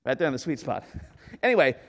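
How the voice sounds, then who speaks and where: A man giving an enthusiastic, joking conference talk on stage, with lots of "right?" and quick asides. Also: medium pitch. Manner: animated, enthusiastic, jokey with frequent "right?" and fillers. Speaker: conference speaker. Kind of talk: energetic conference keynote. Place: large conference hall. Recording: echoey hall with long reverb.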